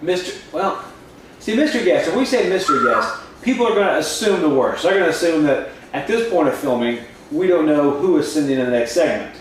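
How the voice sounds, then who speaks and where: A man's voice: on the high side, animated, fairly quick. A man co-hosting a podcast, bantering playfully and asking questions. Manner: playful, joking. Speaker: podcast co-host. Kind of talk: casual banter. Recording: very echoey room, distant mic, faint noise.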